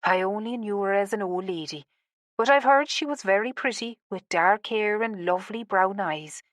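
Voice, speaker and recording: A woman voicing a friendly, helpful local man in an audiobook, chatting in a relaxed, informative way. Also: mid-range voice, normal speed, no echo, studio quality, natural voice.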